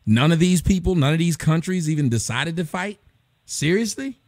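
A man's voice: a little high, a little fast, a little mellow, dry recording. A middle-aged man hosting a casual live stream, ranting bluntly and profanely about movies. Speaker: host.

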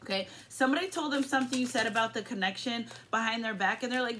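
A woman's voice: a little high, quick pace, few pauses, fairly bright tone, slight background noise. A woman reads tarot cards in an easygoing, rambling way. She's upbeat and drops profanity without a second thought. She talks to her viewers like old friends. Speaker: tarot reader. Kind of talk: casual tarot reading.

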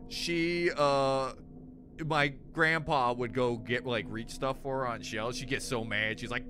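A man's voice: medium pitch, normal speed, over music. A man streaming a horror game, joking and rambling, sometimes reading the game's text aloud. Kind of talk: casual game stream chat.

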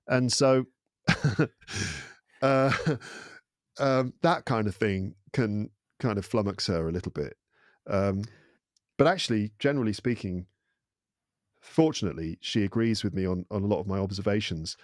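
A man's voice: on the low side, normal speed, pauses often, dry recording. Englishman, dry close sound. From England. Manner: thoughtful, animated storyteller. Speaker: podcast guest. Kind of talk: casual interview chat.

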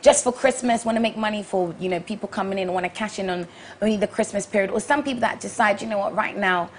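A woman's voice: medium pitch, fast, a little hiss or hum. A woman co-hosting a studio talk show, chatty and playful, joking and laughing with her guest. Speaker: co-host.

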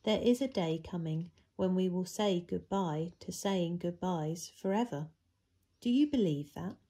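A woman voicing a calm, kind male teacher in a children's Bible story, speaking reassuringly. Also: on the low side, measured pace, slightly rough. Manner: calm and reassuring, rising to a commanding call. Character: calm, kind male teacher who keeps his promises.

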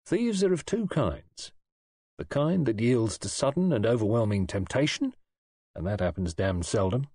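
A man's voice: mid-range voice, a little mellow, husky, no room sound, studio quality. A man playing a blunt, plain-spoken middle-aged police superintendent talking to his daughter in an audiobook. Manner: plain-spoken, firm, fatherly. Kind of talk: audiobook dialogue.

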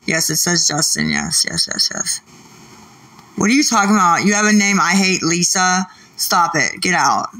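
A woman's voice: lowish voice, sing-song, normal speed, bright, forceful tone, far from the mic. A woman livestreaming late at night, irritated and swearing as she argues back at her chat.

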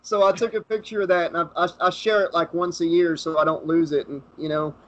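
A man's voice: on the high side, steady tone, fast, a bit bright, lo-fi sound. A man hosting a casual podcast chat, joking and swearing in a laid-back way. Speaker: podcast host.

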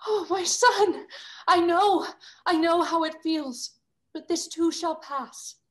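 A woman's voice: very high voice, slow. A young woman playing a vain, theatrical actress mother. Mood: tender. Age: young adult. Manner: grand and scolding, then tender. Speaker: student actor. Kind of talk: stage drama over video call. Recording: echoey room over video call.

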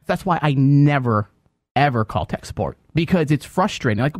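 A man's voice: fairly high pitch, big pitch swings, normal speed, no echo, clean studio sound. A man hosting a radio talk show, telling a long griping story in casual banter and mimicking phone agents.

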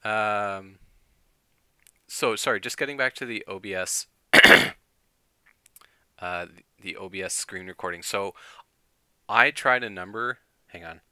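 A man with a sharp, very bright and slightly low voice chats with his stream viewers. He talks casually, thinks aloud and keeps clearing his throat between remarks. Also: unhurried, pauses often, no echo, clean studio sound. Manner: chatty, thinks aloud with fillers and laughs. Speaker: game streamer.

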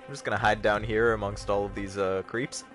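A young man hosting a livestream, giving casual, jokey gameplay commentary with sudden excited yelps. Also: fairly low pitch, brisk, soft background music. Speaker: livestream host.

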